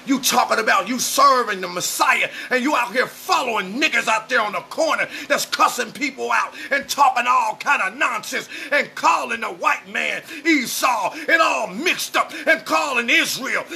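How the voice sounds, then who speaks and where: Fiery high-voiced gravelly male preacher. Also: lively intonation, normal speed, few pauses, a little hiss or hum. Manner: loud and emotional, often shouting. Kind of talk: fiery street sermon to camera. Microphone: camera mic, speaking to camera.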